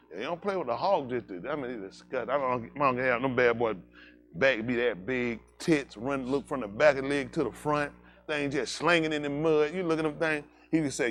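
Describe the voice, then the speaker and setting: A man's voice: mid-range voice, animated, brisk. A male pastor, telling country stories to his congregation in a loose, joking way and laughing at his own jokes. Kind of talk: casual storytelling sermon.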